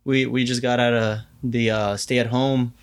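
A man's voice: mid-range voice, little pitch movement, normal speed, clean tone. A man hosting a podcast, bantering in an easygoing, joking way. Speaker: podcast host. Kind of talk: casual chat.

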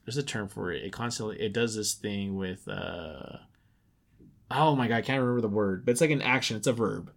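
A man's voice: fairly low pitch, brisk, vocal fry. A man co-hosting a casual gaming podcast, rambling with lots of fillers and restarts. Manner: announcer-style loud intros for segments. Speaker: podcast co-host.

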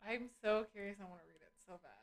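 Sleepy teenage girl, fast chatter, hesitant, restarts her sentences. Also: mid-range voice. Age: teens. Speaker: co-host. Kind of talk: casual advice chat.

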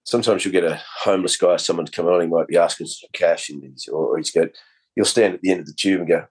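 Fast-talking in a low, slightly mellow voice, a middle-aged comedian chats casually as a podcast guest. He's blunt and jokey, swears freely, calls people mate, and acts out little scenes.

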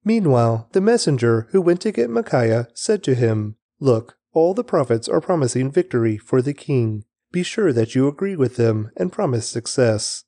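A man reads scripture aloud in a lively, rising and falling delivery, with a mellow, darker tone to his voice. The sound is dry and close, with no room around it. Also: medium pitch, normal speed, few pauses, no echo. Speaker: Bible reader.

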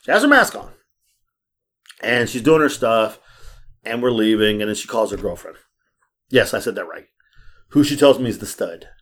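A man hosting a casual podcast, telling stories in an animated way, acting out the voices of people he quotes and swearing freely. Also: on the low side, moderate pace, pauses often. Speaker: podcast host. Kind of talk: casual storytelling chat.

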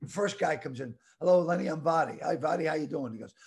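A man in his sixties telling a story loudly and crudely, with lots of animated outbursts. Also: a little high, fast, creaky. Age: 60s. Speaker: guest comedian. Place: home.

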